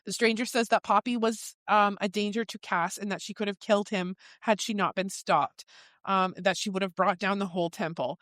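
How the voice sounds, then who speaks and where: A woman's voice: mid-range voice, fairly even intonation, normal speed, fairly bright tone, no echo. A woman co-hosting a book podcast, summarizing chapters casually with quoted asides and the odd swear word. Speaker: podcast co-host.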